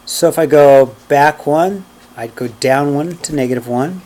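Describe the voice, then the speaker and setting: A man's voice: a little high, a little slow, darkish tone. A man teaching math to a class, counting points aloud and often checking in with "okay?" and "right?". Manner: counts steps aloud while graphing. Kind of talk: classroom lecture.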